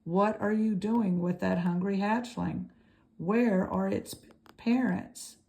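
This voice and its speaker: A woman voicing an old gray female goose in a storybook read-aloud, speaking in a brisk, scolding, matter-of-fact way. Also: mid-range voice, steady tone, vocal fry, a little mellow.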